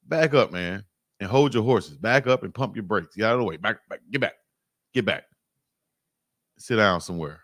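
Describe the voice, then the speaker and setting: A man's voice: lowish voice, animated, brisk, fairly bright tone, no room sound, studio quality. A man in his forties hosting a live sports stream, talking casually and emphatically in slangy commentary that keeps repeating itself.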